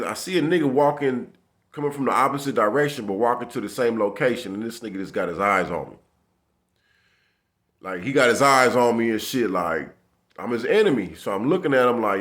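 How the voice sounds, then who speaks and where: A man's voice: mid-range voice, a bit bright. A man casually telling a tense street story in profane slang, acting out the dialogue as he goes. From Los Angeles area.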